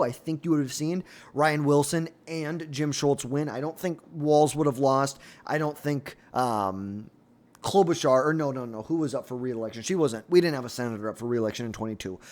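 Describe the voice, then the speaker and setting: A man's voice: on the high side, a little mellow. A man giving solo political commentary, blunt and opinionated, with exasperated asides.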